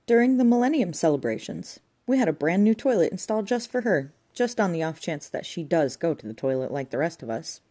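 Storybook: woman reading as a breezy, teasing housekeeper, mellow tone. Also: fairly low pitch, big pitch swings, brisk, few pauses. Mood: cheeky.

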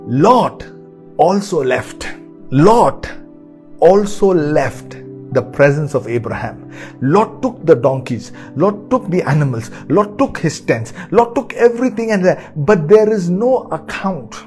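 Excitable preacher man, mellow voice. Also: on the high side, unhurried, faint music behind. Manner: repetitive, excitable, swinging from hushed to shouted. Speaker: pastor. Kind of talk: sermon.

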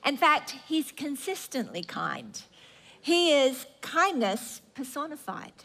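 A woman preaching a sermon in an earnest, emphatic way, with drawn-out phrases and stammering restarts. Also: high-pitched, huge pitch swings, vocal fry, a bit bright.

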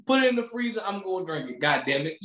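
A man co-hosting a podcast, ranting loudly with swearing and frequent laughter, speaking. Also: high voice, fast talker, reverberant, a little hiss or hum. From Maryland, USA. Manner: loud, animated, swearing, laughing often. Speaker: podcast co-host. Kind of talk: casual comedic rant.

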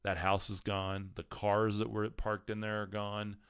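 A man giving a casual spiritual talk to his viewers, rambling with repeated words and many ums, slowing down for emphasis. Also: on the low side, monotone, vocal fry, a bit bright, clean tone, no echo, studio quality. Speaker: spiritual teacher.

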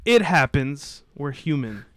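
A man hosting a casual sports podcast, telling stories quickly and in an animated way. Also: mid-range voice, no echo, clean studio sound. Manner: quick, animated storytelling with mimicked voices. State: sweaty. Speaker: podcast host.

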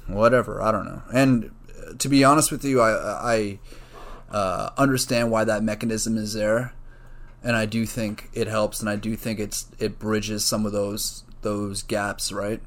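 A man's voice: on the low side, little pitch movement, moderate pace. A man talking casually on his own, rambling, swearing freely and drifting into jokey asides. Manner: rambling, profane, joking asides. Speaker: student. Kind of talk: casual solo monologue.

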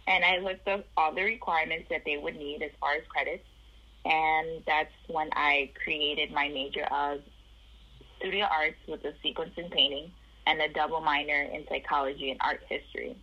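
A woman's voice: sits low, level tone, normal speed, lo-fi sound. A woman from the Chicago area telling her life story in an interview, acting out the voices of the people in it.

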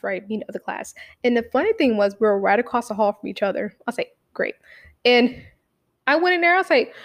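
A young woman casually telling a story, swearing freely and acting out what people said in lively bursts. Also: fairly high pitch. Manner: animated, profane, acts out quotes.

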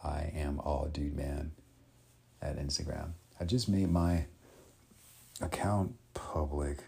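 A man talks casually on his solo podcast, halting often and restarting his sentences. His voice is extremely deep and dark, with a husky, unclear texture. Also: fairly even intonation. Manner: halting, full of ums and restarts. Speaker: podcast host.

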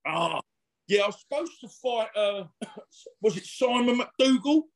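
A man's voice: high voice, expressive, unhurried. A middle-aged man, a former boxer telling rambling, slangy stories in a casual interview. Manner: chatty, rambling, laddish slang with frequent fillers.

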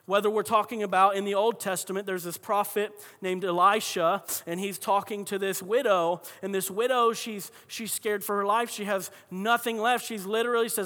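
A man preaching a sermon with a high, bright, forceful voice. He tells stories conversationally and keeps restarting his sentences. A long hall reverb hangs behind every phrase. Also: fairly even intonation, moderate pace, hardly any pauses. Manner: conversational storytelling with frequent restarts. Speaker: pastor.

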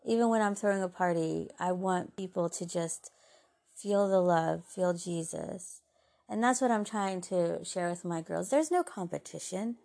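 A woman with a gravelly edge to her voice speaks in an earnest, heartfelt way as a podcast host. She offers faith-based encouragement and often drops into soft, gentle asides. Her pitch sits in an ordinary middle range. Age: adult mother.

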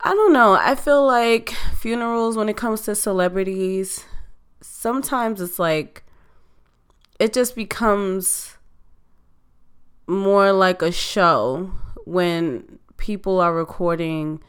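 A woman hosting a podcast in casual chat, her voice slightly hoarse and still recovering, speaking in a conversational, reflective way. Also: mid-range voice. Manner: conversational, reflective, drawn-out delivery. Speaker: podcast host.

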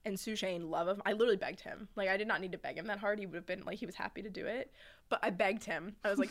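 A young woman chatting casually on a podcast, winding through a long story with frequent laughs. Her pitch sits in an ordinary middle range. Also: racing, a bit bright. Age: young adult. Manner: rambling storyteller, laughs often. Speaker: podcast host. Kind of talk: casual chat.

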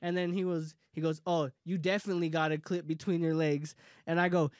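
A young man casually telling a heated story among friends, profane and animated, often laughing. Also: high-pitched, quick pace, clear, resonant tone, no room sound, studio quality.

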